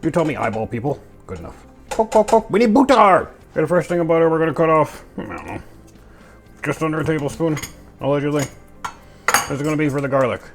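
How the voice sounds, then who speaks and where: A man's voice: a little high, expressive, quick pace, long pauses. A man cooking in his home kitchen and talking through each step in a goofy, chatty way, full of playful sound words. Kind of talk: casual cooking narration. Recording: music clearly under the voice. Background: music and clattering pans.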